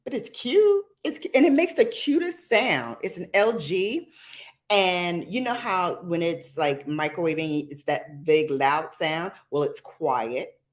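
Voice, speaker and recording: A middle-aged woman, hosting a casual livestream chat in a sassy, animated way that jumps to squeals. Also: lowish voice, unhurried. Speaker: livestream host.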